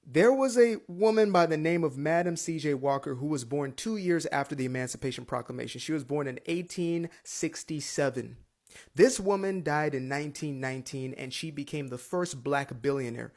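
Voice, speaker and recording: Gravelly, higher-pitched lecturing man. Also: darkish tone. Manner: lecturing, rebuttal with dates and facts. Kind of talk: commentary video.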